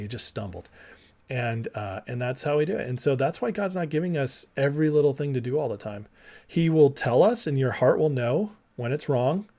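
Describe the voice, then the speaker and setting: A man teaching a Bible class in a casual, animated way, acting out the people in the stories with slangy dialogue. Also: mid-range voice.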